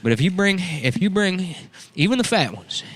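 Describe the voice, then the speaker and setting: Brief: male comic voicing a creepy uncle, high and leering. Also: big pitch swings, moderate pace, fairly bright tone, heavily acted. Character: sleazy creepy middle-aged uncle, leering.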